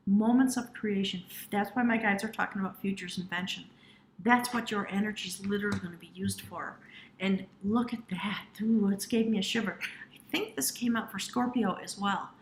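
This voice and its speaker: A woman's voice: mid-range voice, reverberant, a little hiss or hum, low-quality recording. Earnest woman giving a tarot reading. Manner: earnest, addresses the viewer directly. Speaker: tarot reader. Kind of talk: intuitive tarot reading to camera.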